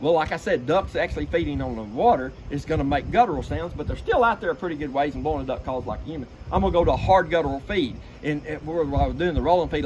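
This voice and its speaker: A middle-aged man explains duck calling in a folksy, animated way, breaking into duck-call sounds as he talks. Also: a little high, quick pace. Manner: folksy, animated, imitates duck calls mid-sentence. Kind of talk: casual explanatory chat with vocal demonstrations. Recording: noisy background.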